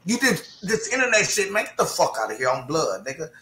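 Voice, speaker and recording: A man's voice: on the high side, big pitch swings, a little fast, reverberant, over a noisy crowd. A man arguing on an online panel, confrontational and profane, over a call mic. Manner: confrontational, profane street slang. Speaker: panel participant. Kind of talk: heated online panel argument.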